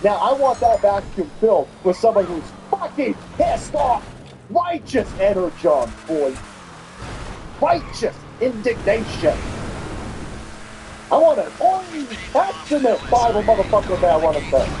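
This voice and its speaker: A man's voice: high-pitched, sing-song, a little slow, darkish tone, slight background noise, poor audio. Profane, heated man ranting on a podcast. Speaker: podcast host. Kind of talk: angry political rant.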